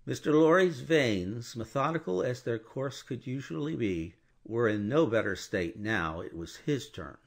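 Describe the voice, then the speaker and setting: A man narrating a classic novel as an audiobook, in an expressive, measured storytelling manner. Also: mid-range voice, creaky. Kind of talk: scripted narration.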